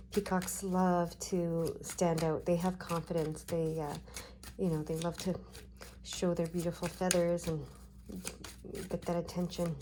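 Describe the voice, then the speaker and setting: A woman giving a tarot card reading, talking gently and reassuringly with frequent check-ins to her viewers. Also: on the low side, a little hiss or hum. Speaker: tarot reader.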